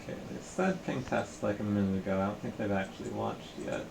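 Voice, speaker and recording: A man with a low, gravelly voice chats loosely on a home livestream. His talk is relaxed and rambling, picked up by a camera mic with a noisy room behind him. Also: fairly quick. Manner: relaxed, rambling, chuckling asides. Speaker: stream caster. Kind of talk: casual livestream chat. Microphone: computer camera mic.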